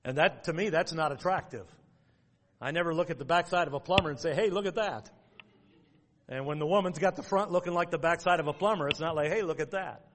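A man's voice: on the high side, fast, a bit bright, in a large hall. A man preaching a sermon in a folksy, plain-spoken way, working through numbered points and quoting scripture. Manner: folksy, outline-driven preaching with quoted scripture. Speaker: pastor.

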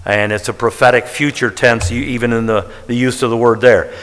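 A man's voice: mid-range voice, level tone, fairly quick, a bit bright. A man preaching as a Bible teacher, stressing key words emphatically as he counts out figures. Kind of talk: sermon-style Bible teaching. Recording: long reverb of a large hall.

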